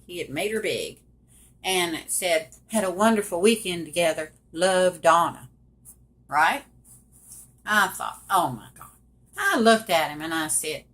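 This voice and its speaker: A woman's voice: lowish voice, fairly bright tone. A middle-aged woman telling a personal story straight to the viewers, emphatic and direct. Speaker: survivor telling her story.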